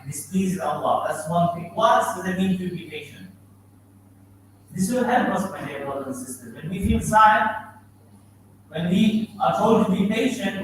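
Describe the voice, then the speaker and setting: A man's voice: high-pitched, a little hiss or hum. A man giving an Islamic lecture, asking the audience questions and quoting Arabic verses. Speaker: imam giving a talk. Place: mosque hall. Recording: very echoey hall from far off.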